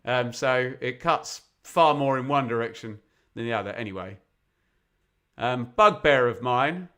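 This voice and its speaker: A man from England giving live football commentary on a fan watch-along, chatty and opinionated, with sudden bursts of excitement when chances come. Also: medium pitch, a little slow, clear, resonant tone. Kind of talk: live football commentary mixed with casual chat.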